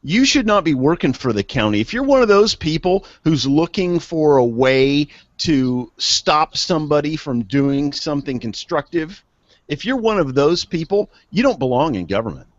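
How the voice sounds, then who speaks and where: A man's voice: a little high, sing-song, moderate pace, dry recording. A man co-hosting a casual news chat show, blunt and heated, often stumbling over his words. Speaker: co-host. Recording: dry, dull lo-fi studio sound.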